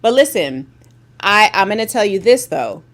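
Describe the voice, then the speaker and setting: A woman joins a casual livestreamed panel discussion as a guest over a video call, speaking candidly and emphatically and often restarting her sentences. Her medium-pitched voice is sing-song and moves at a moderate pace.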